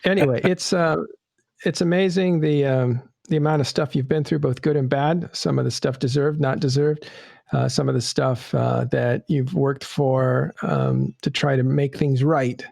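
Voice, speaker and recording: A man hosting a casual interview show, talking in a halting way with many fillers. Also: medium pitch, fairly even intonation, creaky, darkish tone, no echo, studio quality. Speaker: podcast host.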